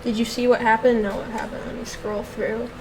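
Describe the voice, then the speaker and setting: High-voiced, exasperated swearing woman streamer. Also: flat delivery, fairly quick, noisy background. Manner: exasperated, heavily profane ranting; soft baby talk to a dog. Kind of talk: casual live-stream chat.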